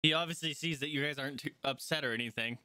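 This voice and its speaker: Bright-voiced male game master. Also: fairly high pitch, fast talker, smooth. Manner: loose, hesitant narration with many fillers. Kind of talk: narrating a tabletop game.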